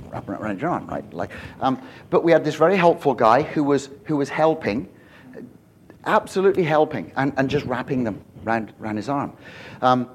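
A man preaching a conversational sermon in a church, joking and animated, with self-deprecating asides. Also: a little high, a little hiss or hum. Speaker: pastor.

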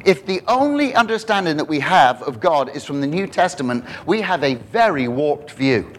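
Man preaching, enthusiastic sermon, questions to the congregation, slightly high voice, faint room noise. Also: sing-song, moderate pace, low-quality recording. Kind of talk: expository sermon.

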